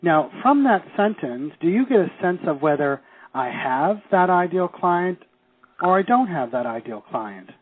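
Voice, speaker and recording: A man leading a teleseminar, coaching listeners through phrases and slowing down to stress key words. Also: high-pitched, big pitch swings, breathy edge. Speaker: seminar leader. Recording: tinny phone line.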